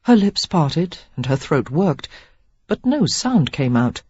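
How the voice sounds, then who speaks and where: A woman narrating a romance novel in an expressive, measured reading. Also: low-pitched, husky, dry recording. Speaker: audiobook narrator. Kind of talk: scripted narration. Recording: dull, dry audiobook recording.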